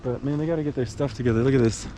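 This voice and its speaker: A man's voice: medium pitch, racing, warm tone. Young man, hiking vlog, laid-back rambling talk, outdoor noise, traffic in the background. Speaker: thru-hiker vlogger. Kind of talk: casual vlog narration. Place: outdoors on a mountain trail by a highway.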